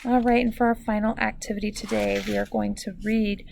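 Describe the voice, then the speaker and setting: A woman teacher leads a recorded phonics lesson at a deliberate, clear pace. Her mid-pitched voice has a slight gravelly fry. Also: level tone, a little mellow, slight background noise. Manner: slow, clear, instructive.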